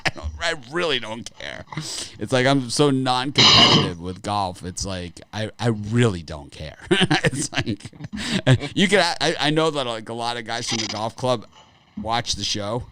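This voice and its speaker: A man's voice: medium pitch, animated, moderate pace, bright, forceful tone, clean tone, no room sound. Rambling, chuckling middle-aged man. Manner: rambling, laughing often. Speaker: sports betting show host. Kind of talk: casual chat.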